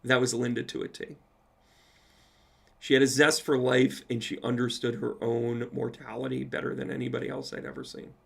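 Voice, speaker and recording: A man with a gravelly edge to his mid-pitched voice tells a long personal story during a live question-and-answer session. He is a medium, animated and casual, and he drops the odd swear word. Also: moderate pace. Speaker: psychic medium.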